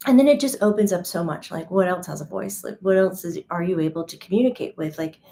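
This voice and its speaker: Woman medium, lower-pitched, casual storyteller who acts out quoted dialogue. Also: fast. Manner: chatty, animated retelling with quoted dialogue and many "like" fillers.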